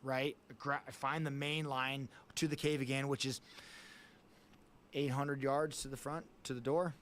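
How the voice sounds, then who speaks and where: A man's voice: medium pitch, level tone, a little slow, fairly bright tone. A man, a guest on a casual talk show, telling a vivid story in plain words and swearing often.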